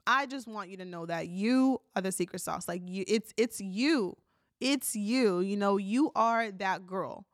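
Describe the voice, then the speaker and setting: A woman's voice: medium pitch, measured pace, dry recording, clean studio sound. Encouraging woman podcaster, cracking voice. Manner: encouraging, repeats "okay?" to the listener. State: voice keeps cracking. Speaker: podcast host. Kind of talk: motivational solo podcast talk.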